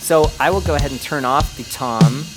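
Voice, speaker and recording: A man hosting a casual audio-gear tutorial, explaining settings step by step in a relaxed, chatty way. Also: on the high side, a little fast, loud music behind the voice. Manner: lively, relaxed explaining with many "go ahead" phrases.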